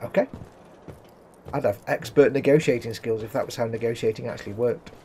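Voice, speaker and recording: A man's voice: mid-range voice, a little fast, mellow, slight background noise. Chatty male game streamer. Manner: chatty, wry, reads chat messages aloud. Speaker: streamer playing a video game. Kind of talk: casual live-stream commentary.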